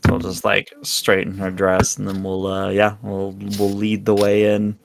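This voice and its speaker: A player in a tabletop game, talking in a relaxed way. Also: low-pitched, measured pace, gravelly, background noise. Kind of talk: casual tabletop play.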